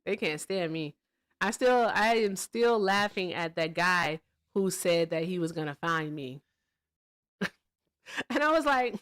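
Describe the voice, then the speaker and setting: A woman hosting a casual livestream chat, talking in an animated, sarcastic way and laughing often. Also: lowish voice, slow pace, pauses often, clean tone, no room sound, clean studio sound. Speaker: livestream host.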